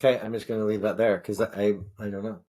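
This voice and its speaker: Man podcast co-host and tarot reader, thoughtful and unhurried. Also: on the low side, flat delivery, warm tone. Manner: thoughtful, musing, short affirmations. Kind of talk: casual chat, interpreting a dream.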